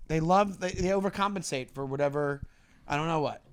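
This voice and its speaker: A man in his thirties co-hosting a comedy podcast, talking in an animated, teasing way with quick laughs. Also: a little high, clear, resonant tone, no echo. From New York area. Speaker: podcast co-host. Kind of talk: casual comedic chat.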